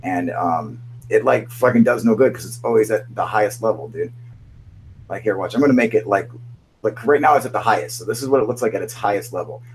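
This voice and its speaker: A man's voice: lowish voice, a little fast, a little hiss or hum, low-quality recording. A young man hosting a casual live stream, reading chat aloud, swearing often and laughing as he rambles.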